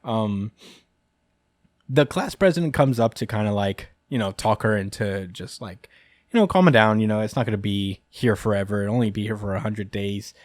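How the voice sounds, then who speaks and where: A man's voice: lowish voice, moderate pace, dry recording. A chatty man with a dry, close sound. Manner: rambling and chuckling, many fillers. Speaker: podcast host. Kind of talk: casual chat recapping a manga chapter.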